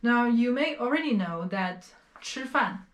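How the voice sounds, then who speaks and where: A woman from China teaching a beginner Chinese lesson, explaining words slowly and repeating each pronunciation several times. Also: a little high, lively intonation, roomy sound. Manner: slow, careful explanations with repeated pronunciation drills.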